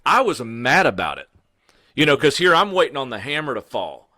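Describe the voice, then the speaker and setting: A middle-aged man, a podcast guest telling his story in a casual, animated way, full of "you know" and "man". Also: medium pitch, brisk, no room sound.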